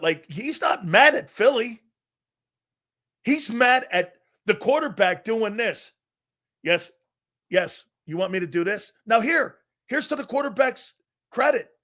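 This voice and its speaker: A middle-aged man hosting a live sports talk show, ranting loudly and profanely about football. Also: extremely high pitch. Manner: loud, profane and animated, mocking others in put-on voices. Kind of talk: unscripted sports rant.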